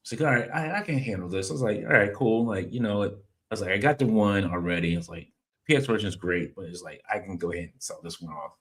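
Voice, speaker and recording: A man's voice: fairly low pitch, fast. A man hosting a casual podcast, telling stories with lots of "I was like" and reading viewer comments aloud. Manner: animated storyteller, reads chat comments aloud. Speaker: podcast host. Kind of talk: casual chat.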